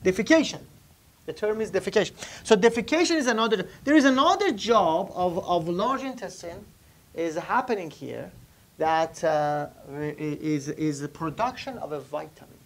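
Teaching anatomy in front of a live class, a man talks at normal speed in a high-pitched, lively voice. He writes on the board while questioning students and repeating the key terms.

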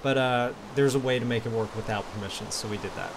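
A man hosting a casual gaming video, chatty and playful, reading out player messages and shouting now and then. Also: mid-range voice, fairly even intonation, fast talker, background noise. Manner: chatty and playful, bursts into yells. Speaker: Minecraft server host reading player messages.

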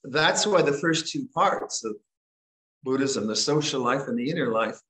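An older man teaching at a monastery, giving a gentle, conversational dhamma talk with frequent restarts. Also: medium pitch, animated, moderate pace, roomy sound, low-quality recording. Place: monastery hall.

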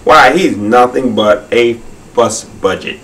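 A man's voice: medium pitch, takes it slowly, fairly bright tone. A man voicing a rude, scoffing male hare from a storybook, talking in blunt folksy slang and sneering insults, heard from a distance.

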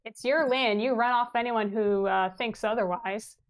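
A woman playing a tabletop game, making quick, wry remarks. Her voice sits slightly high. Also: smooth. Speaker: player.

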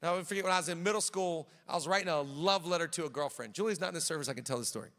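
A man with a high, bright voice delivers a lively sermon, slipping into quoted voices as he tells stories. His words ring out through a large church hall with long reverb. He preaches with quick, animated energy. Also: slight background noise. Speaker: pastor.

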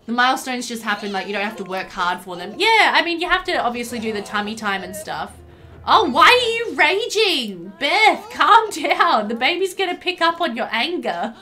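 A woman's voice: fairly high pitch, expressive, fast talker, few pauses, pushed and bright. A young woman streaming a life-sim game, commenting as she plays and scolding the characters on screen in exasperation. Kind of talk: live gameplay commentary. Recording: faint game music underneath. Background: faint game music.

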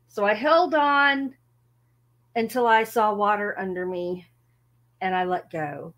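A woman with a mid-range voice takes her time telling a casual story to her music channel's audience. She's animated, laughs often and pokes fun at herself.

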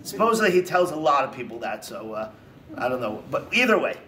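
A man, a rabbi, giving a lecture to a congregation with animated storytelling and emphatic repetitions. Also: mid-range voice, a little fast, far from the mic. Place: synagogue hall.

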